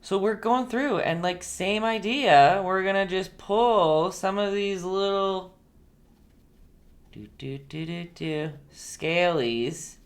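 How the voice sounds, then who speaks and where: A woman's voice: medium pitch, takes it slowly. A woman hosting a casual live-stream painting lesson, chatty and playful, laughing often and talking back to her viewers.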